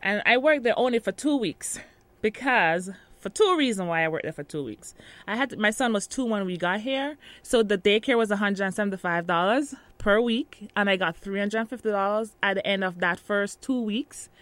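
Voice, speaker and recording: A chatty woman with a Jamaican accent tells her story in a relaxed interview, laughing often and restarting her sentences. Her voice sits at a middle pitch, recorded close and dry with almost no room sound. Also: moderate pace, no echo. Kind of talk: casual interview.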